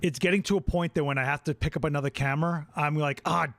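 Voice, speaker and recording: A man hosting a casual live-stream chat about photography. He talks in a chatty, animated way with quick asides. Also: on the high side.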